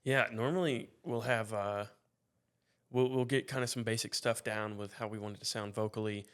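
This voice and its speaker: A man in a band, explaining their songwriting process in a laid-back, measured way. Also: fairly low pitch, steady tone, clear, resonant tone. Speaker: band member guest. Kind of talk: casual interview chat.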